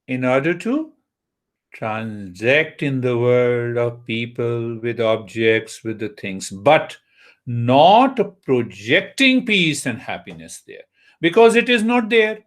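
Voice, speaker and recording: A man giving a spiritual talk on meditation as a teacher, unhurried, asking his listeners rhetorical questions. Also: a little high, fairly bright tone.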